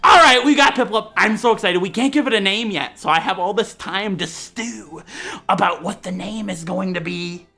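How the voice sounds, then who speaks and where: A man hosting a Let's Play at home, joking loudly and often breaking into shouts over the gameplay. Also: high-pitched, moderate pace, creaky. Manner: loud, jokey, swings into shouting. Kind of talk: excitable gameplay commentary.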